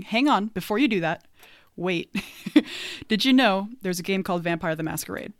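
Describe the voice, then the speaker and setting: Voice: medium pitch, animated, normal speed, no room sound, clean studio sound. A podcast co-host chatting casually about tabletop games, laughing often and making playful asides.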